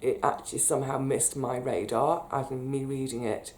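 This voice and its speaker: A British woman telling a personal story in a chatty, animated way, getting emotional as she recalls it. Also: extremely low pitch, normal speed. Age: 30s. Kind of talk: casual storytelling monologue.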